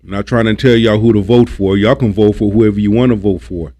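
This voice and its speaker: A man's voice: on the low side, fairly even intonation, fairly quick, mellow. A man hosting a livestream, ranting about politics in a preachy, repetitive, emphatic way and swearing when he gets worked up. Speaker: livestream host.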